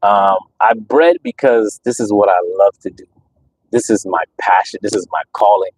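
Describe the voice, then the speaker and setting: A lower-pitched man talking straight to his viewers in a casual livestream. He is emphatic and a bit preachy, circles back on his points, and fills the gaps with ums. The sound is dry and close, with no room around it. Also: moderate pace, slightly rough, no echo, low-quality recording. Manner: emphatic, preachy, repeats himself with many fillers. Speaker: dog breeder and channel host.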